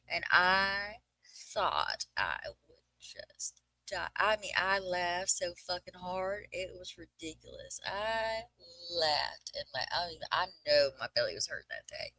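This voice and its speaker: A woman's voice: on the low side, sing-song, a little slow, sharp tone, no room sound, low-quality recording. A middle-aged woman with a Southern US accent, chatting on a livestream and telling a funny story with lots of laughter. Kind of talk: casual chat, storytelling.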